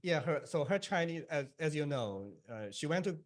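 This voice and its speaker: A man speaking as an author on a panel, telling lively anecdotes to an audience and laughing at his own jokes. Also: fairly high pitch, moderate pace. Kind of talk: panel discussion. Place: public event, speaking to an audience.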